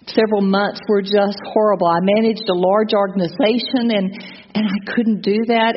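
A middle-aged woman telling her personal testimony to a church gathering in an earnest, reflective way. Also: medium pitch. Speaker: church speaker giving testimony. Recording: long reverb, dull lo-fi sound, faint noise.

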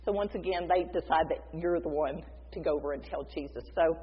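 Breathy woman preacher telling a story. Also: deep voice, brisk. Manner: lively, acts out dialogue, conversational. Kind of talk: storytelling sermon. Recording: dull echoey hall sound.

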